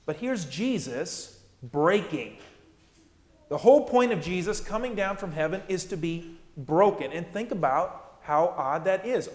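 Fairly high-voiced male preacher. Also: echoey room, big-room sound. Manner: emphatic, repeats key phrases. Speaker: pastor. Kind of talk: sermon.

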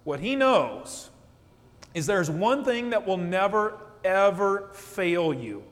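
Guy pastor giving an animated sermon, higher voice, echoey church. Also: slow pace. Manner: animated preaching, acts out quotes, asks "okay?". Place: church sanctuary. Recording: long church reverb.

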